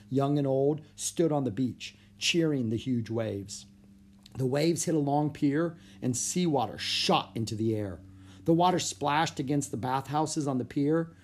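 A storybook narrator reading a children's chapter book aloud. The pitch sits in the middle and the delivery stays steady and even. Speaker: audiobook narrator.

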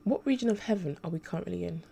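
A haughty male angel teacher who sneers at his pupil with cold condescension, as a woman narrator puts him on. The voice sits low with a gravelly edge and a warm, dark tone, read as a character in an audiobook. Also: fast. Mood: sneering.

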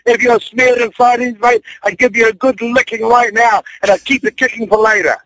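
Brash, high-pitched New Zealand man. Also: fairly even intonation, brisk, rough recording. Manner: loud, brash, jokey, says bloody and mate. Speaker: guest wrestler. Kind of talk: rowdy interview banter.

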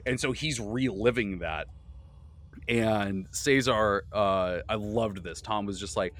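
A man hosting a podcast, recapping a tabletop game he ran, animated and swearing freely. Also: lowish voice, slow pace. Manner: animated, swearing, frequent laughter. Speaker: podcast host and game master.

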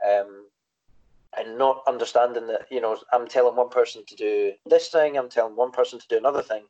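Man, casual chat, reflective, halting, muffled sound. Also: medium pitch, mellow. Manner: hesitant, reflective, with restarts.

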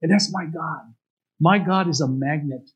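A man's voice: on the high side, unhurried, breathy edge. A man preaching a storytelling sermon as pastor, often asking the congregation rhetorical questions. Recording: dull lo-fi recording.

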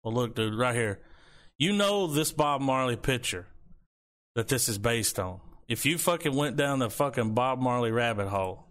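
A man's voice: mid-range voice, normal speed. A man in a casual, profane chat about music and movies, telling stories with put-on voices. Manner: profane, laid-back, animated storytelling.

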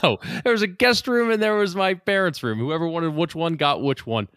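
A man co-hosting a podcast, cracking crude quick jokes. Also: fairly high pitch, fairly bright tone, clean tone, no echo, studio quality. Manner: crude joking, quick quips. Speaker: podcast co-host. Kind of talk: casual podcast banter.

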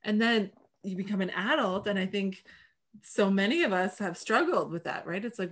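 A woman hosting a conversation, talking in an animated, emphatic way and laughing often. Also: mid-range voice, moderate pace. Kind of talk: casual conversation.

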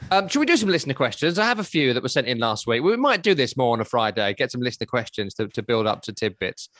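Man, 30s, podcast co-host, casual storytelling, middling pitch, dry close mic. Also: very animated, fast talker, fairly bright tone, dry recording. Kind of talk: casual chat.

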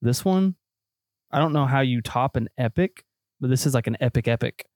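A man chatting casually about movies as a podcast co-host, excitable and joking, with lots of fillers. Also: medium pitch, moderate pace, no echo, clean studio sound. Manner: excitable, crude jokes, many fillers.

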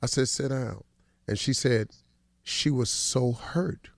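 A middle-aged man holds the mic on a morning radio show. He tells a story in a relaxed, colloquial way, and his voice has a gravelly edge. The sound is dry and close, as in a studio. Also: mid-range voice, slow, dry recording. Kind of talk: casual morning-show chat.

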